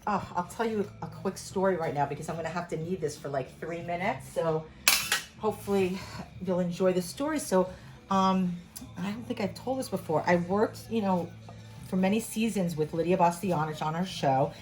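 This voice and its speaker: A woman's voice: fairly low pitch, moderate pace, music in the background. A middle-aged woman chef giving a casual home cooking demonstration, chatty and rambling, full of asides. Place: home kitchen.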